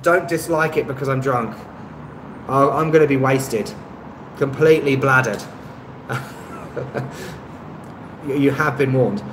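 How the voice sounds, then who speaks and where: A man chats through a live stream from his phone, rambling and hesitant, filling gaps with ums and putting himself down. His voice sits at a middling pitch and rings with a noticeable echo. Faint traffic hums in the background. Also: normal speed. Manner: rambling and hesitant, lots of ums, self-deprecating. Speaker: travel YouTuber hosting a live stream. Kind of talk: casual live-stream chat, reading and answering comments. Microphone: phone on a stabilizer.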